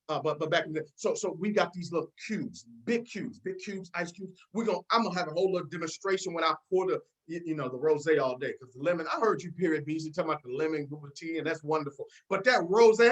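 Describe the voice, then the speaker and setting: A woman's voice: low-pitched, low-quality recording. A woman hosting a team video call, giving a fired-up motivational pep talk, repeating herself and calling out listeners by name.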